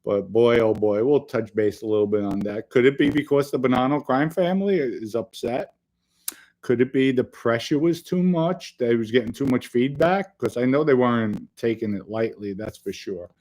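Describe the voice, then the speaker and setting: A man's voice: medium pitch, moderate pace. Joking middle-aged male live-stream host. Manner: loose and joking, with sudden loud bursts. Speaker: podcast host reading live chat. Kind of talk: casual live-stream chat.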